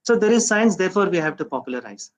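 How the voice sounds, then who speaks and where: Guy giving a talk, kinda high voice, lots of uh and um, asks himself questions. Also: very animated, quick pace, rough recording. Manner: reflective, rhetorical questions, frequent hesitations. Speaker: speaker at a science outreach event. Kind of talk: conference talk.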